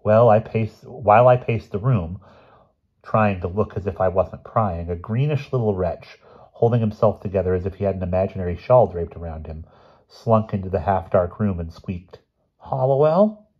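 Deep raspy guy reading a short story slow and steady, kinda muffled lo-fi sound. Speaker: audiobook reader.

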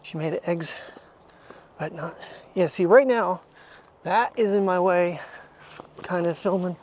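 Walking his dog and then talking from his car, this vlogger chats slowly in a high-sitting voice with a darkish tone, rambling, poking fun at himself and chuckling frequently. A small wireless clip mic picks him up, with slight background noise.

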